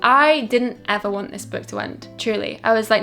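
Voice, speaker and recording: A young woman book vlogger in a chatty, gushing monthly review, her voice sitting a touch high with a gravelly fry. She doubles and triples words for emphasis, and soft music plays underneath. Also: moderate pace. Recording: light background music.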